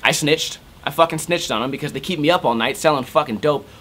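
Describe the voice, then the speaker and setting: A man's voice: fairly high pitch, fast, breathy edge. Rambling, foul-mouthed young man. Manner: swears constantly, rambling and animated. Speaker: skateboarding vlogger. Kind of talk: casual chat. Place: home room.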